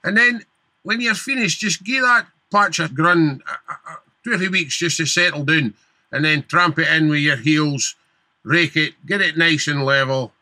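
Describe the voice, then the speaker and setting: A Scottish man gives practical gardening advice in a very bright, sharp voice, a little higher than most men. He sounds down-to-earth, and the sound is dry and close to the mic. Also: normal speed, no room sound. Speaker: gardening expert. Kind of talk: radio advice chat.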